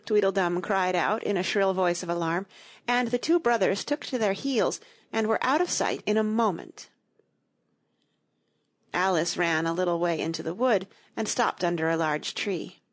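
Woman narrator for a children's audiobook, low-ish, husky, lively inflection. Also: moderate pace. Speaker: audiobook reader.

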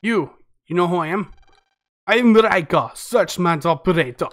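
A cold, formal young soldier speaks in a mock Russian accent, clipped and scornful, as a man puts him on. The voice sits high for a man. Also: animated, normal speed, fairly bright tone. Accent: put-on Russian. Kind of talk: game dialogue read aloud.

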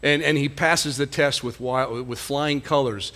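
A man's voice: mid-range voice, fairly even intonation, a little slow, pushed and bright. A male pastor giving a conversational sermon, often asking the congregation rhetorical questions.

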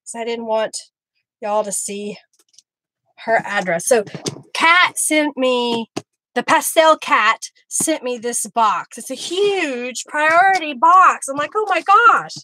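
A woman hosting a live craft stream, chatting warmly with viewers by name as she works. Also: a little high, expressive, slow pace. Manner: friendly, talks to viewers by name while working.

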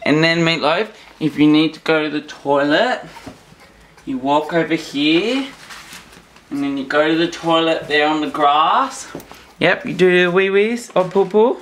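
A man chatting to his new puppy at home at night in soft, doting baby talk, often shushing it. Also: a little high. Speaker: vlogger. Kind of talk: casual chat with a new puppy. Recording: roomy echo, faint room noise.

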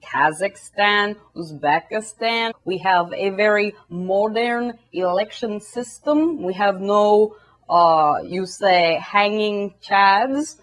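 A woman's voice: mid-range voice, expressive. Woman voicing Russia as an evasive comic nation. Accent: put-on Russian accent. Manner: slow, broken English, feigned innocence.

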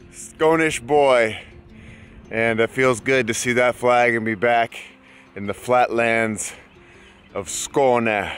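A man's voice: mid-range voice, steady tone, slow, long pauses, fairly bright tone, clean tone, faint music behind. An American man chatting casually and enthusiastically to his viewers while out on a bike ride. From United States. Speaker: travel vlogger. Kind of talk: casual travel vlog. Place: outdoors, riding a bike.

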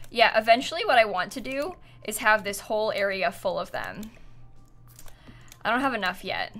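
Young female streamer, bright chatty voice, giggly storyteller, keys clicking behind. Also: medium pitch, very animated, normal speed. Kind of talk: casual livestream chat while gaming.

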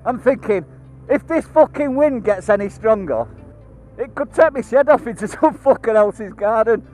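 A British man with a high voice talks to his viewers in a loose, rambling vlog. He laughs often and swears freely, restarting and going off on tangents. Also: lively intonation, normal speed, darkish tone, faint music behind, rough recording. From United Kingdom. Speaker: motorcycle vlogger. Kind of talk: casual chat to camera.

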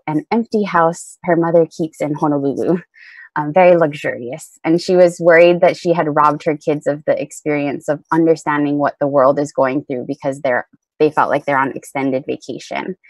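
A woman's voice: low-pitched, no echo. A woman from Hawaii giving an earnest prepared talk on a video call at an online teach-in, with frequent ums. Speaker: panelist.

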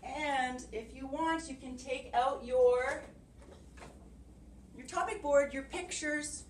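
A woman preschool teacher leading circle time and reading a storybook aloud, giving gentle, encouraging instructions to young children. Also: high voice, slow pace, distant mic. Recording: echoey room with faint background hiss.

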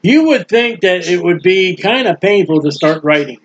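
A man preaching a sermon in a folksy, emphatic way, drawling key words slowly and acting out the people he quotes. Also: high-pitched, expressive. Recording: dull lo-fi sound.

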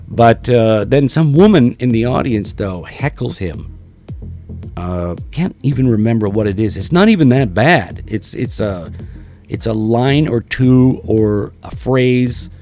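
A man hosting a commentary video, ranting profanely in a sneering, halting way. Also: medium pitch, animated, mellow, soft background music.

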